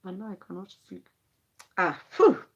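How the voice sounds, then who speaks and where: A woman talks into her phone on a late-night livestream. She speaks at a middle pitch, and her thoughts wander and turn emotional as she rambles on to her viewers. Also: big pitch swings, moderate pace, muffled recording, noisy background. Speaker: vlogger. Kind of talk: late-night live stream monologue.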